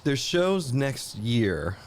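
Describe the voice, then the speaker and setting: A young man, a musician guest, chatting casually on a podcast in an easygoing, halting way. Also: medium pitch, big pitch swings. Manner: easygoing, halting with repeated starts.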